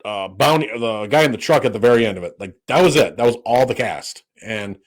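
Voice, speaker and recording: A man's voice: medium pitch, animated, a little fast. A man co-hosting a podcast, chatting casually in a rambling way with many fillers and restarts, and swearing freely. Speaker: podcast co-host. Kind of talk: casual chat.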